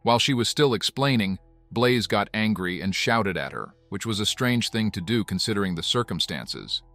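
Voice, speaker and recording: A man giving scripted documentary narration in an even, measured way. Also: fairly low pitch, no echo, soft background music.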